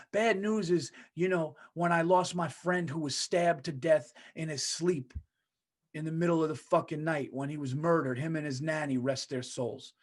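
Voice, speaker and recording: Male podcast host with a slightly high voice, casual comedic rant, heavy swearing, emphatic delivery. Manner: ranting, profane, emphatic.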